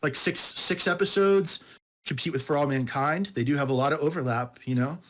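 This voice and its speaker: Reviewing a book alongside a friend, this podcast co-host talks fairly quickly in a somewhat high, slightly bright voice. His chat is loose and rambling, peppered with laughter and "dude."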